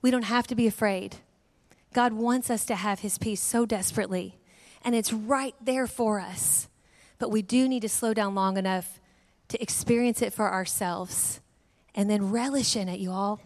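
A middle-aged woman giving a sermon, telling a family story in a lively way and acting out voices. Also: mid-range voice, normal speed. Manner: animated storyteller, acts out voices. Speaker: guest speaker. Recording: long hall reverb.

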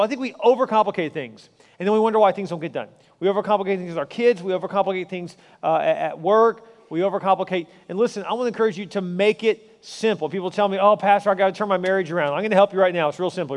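A middle-aged man preaching a sermon as a pastor, repeating his points with emphasis and rising to excited encouragement. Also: sits high, quick pace. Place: large church hall with long reverb. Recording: hall reverb.

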